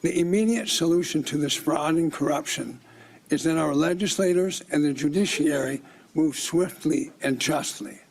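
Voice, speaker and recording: A man's voice: on the high side, normal speed, gravelly. A middle-aged man from Minnesota with a Minnesotan accent, giving formal public testimony in a declamatory, accusing manner.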